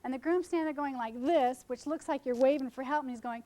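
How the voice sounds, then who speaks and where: A fast-talking wedding photographer with a high-pitched voice addresses colleagues at a seminar via a stage microphone. Her talk is full of vivid work stories, with the people in them acted out.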